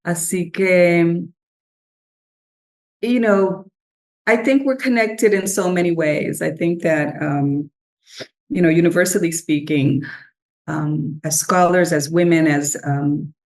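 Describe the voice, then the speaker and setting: Middle-aged woman, lowish voice, chatty scholar guest, meandering with fillers. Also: fairly even intonation, slow pace, pauses often, poor audio. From Puerto Rico. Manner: rambling, warm storytelling with many fillers, switching into Spanish. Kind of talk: conversational interview.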